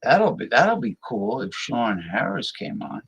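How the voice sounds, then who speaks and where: A man's voice: medium pitch, big pitch swings, unhurried, creaky, a bit bright, husky, muffled recording. A man hosting a live-stream talk show, rambling casually and muttering to himself as he invites guests.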